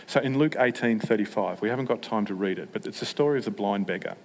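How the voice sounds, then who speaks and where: A man preaching a sermon, humorous and self-mocking, with animated asides. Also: lowish voice, fast talker. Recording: long hall reverb.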